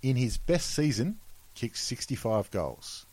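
An Australian man runs a casual quiz panel, reading out questions with frequent ums and uhs and easy laughter. His voice sits at a middle pitch, and it is recorded dry and close. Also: sing-song, slow, a little mellow, dry recording, rough recording. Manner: laughs often, reads questions with fillers. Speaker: quiz host. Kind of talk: casual podcast quiz hosting.

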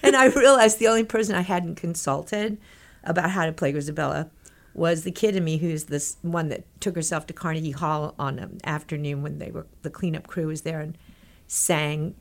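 An older woman from Texas tells stories as an interview guest, her voice sitting a little low. She is lively and laughs often, and she acts out what other people said. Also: normal speed, gravelly. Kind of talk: animated storytelling in an interview.

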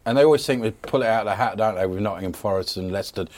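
A man's voice: fairly low pitch, rapid-fire, a little mellow. An English man on a football podcast panel, wry and dismissive in casual chat. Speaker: panel guest.

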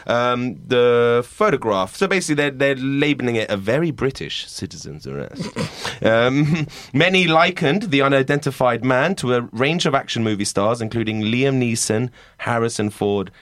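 A man's voice: medium pitch, lively intonation, moderate pace, hardly any pauses, a bit bright, no echo. A man hosts a comedy podcast in a chatty, loose way, reading a news item aloud. His voice sits mid-range and sounds dry and close. He breaks into laughs as he reads. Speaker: podcast host. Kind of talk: casual comedy podcast chat.

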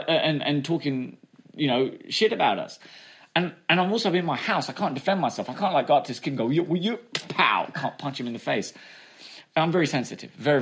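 A man, telling a candid story in an interview, talking fast and chatty, with many fillers like "right?" and "you know". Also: medium pitch, slightly rough. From England. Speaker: comedian guest.

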